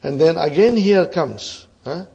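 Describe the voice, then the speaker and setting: A man's voice: fairly high pitch, lively intonation, a little slow, gravelly, highs cut off, a crowd in the background. A man teaching a grammar class, quizzing students with frequent "huh?" prompts and repeating their answers. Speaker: Arabic teacher.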